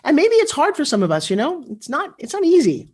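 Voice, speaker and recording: A woman's voice: sits high, huge pitch swings, brisk, a little mellow. A middle-aged woman giving a motivational speech over a video call from her living room, moving between intimate storytelling and rallying the audience. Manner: earnest, intimate storytelling that builds to rallying cheers. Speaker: motivational speaker.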